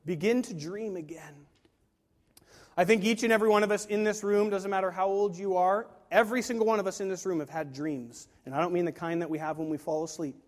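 Male pastor, high voice, emphatic delivery, long hall reverb, sermon. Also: steady tone, fast, few pauses. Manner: emphatic, rhetorical questions, acts out quoted voices. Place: large room with a live congregation.

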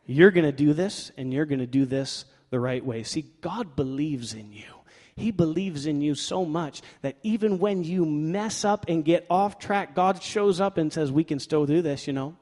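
A male pastor delivers a sermon in a slightly raised voice, talking to the congregation like friends, full of "like" and self-directed jokes. His delivery leaps between loud, emphatic bursts and soft asides. The sound rings with the long reverb of a big church hall. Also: on the high side. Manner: lively preaching, swinging from loud emphatic bursts to quiet asides; conversational with fillers like "like" and playful self-talk.

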